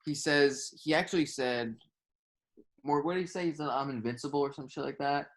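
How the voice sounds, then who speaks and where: A man's voice: on the high side, normal speed. A young man co-hosting a podcast in casual chat, rambling with lots of filler words and swearing. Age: young adult. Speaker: podcast co-host.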